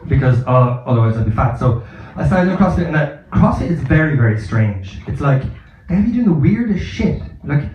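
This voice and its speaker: A brisk, sing-song, high-ish voice carries this stand-up set in a Barcelona comedy club, where the man rambles through crude, self-deprecating stories. The live audio sounds echoey and dull.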